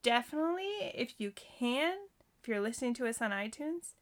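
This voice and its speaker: A woman's voice: fairly high pitch, animated, moderate pace. A woman co-hosting a movie podcast, chatty and rambling, with many fillers. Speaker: podcast co-host. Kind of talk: casual chat.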